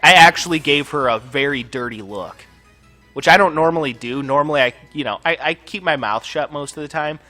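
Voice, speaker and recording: A man's voice: on the high side, fairly quick, bright, forceful tone, soft background music. A man hosting a gaming channel, telling a long personal story over gameplay in a casual, profane, ranting way full of filler words.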